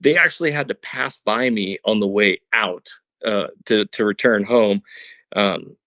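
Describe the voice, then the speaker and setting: Low-voiced man on a dull, dry line. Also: a little slow, pushed and bright, no room sound. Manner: earnest, explains step by step with many restarts. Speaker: podcast guest, hunter. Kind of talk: casual storytelling interview.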